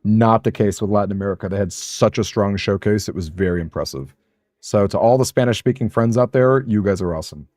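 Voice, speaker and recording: A man's voice: on the low side, a little fast, a little mellow, no echo, clean studio sound. A man streaming a game, chatting with viewers in a rambling, self-deprecating way and laughing often. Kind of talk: casual live-stream chat while gaming.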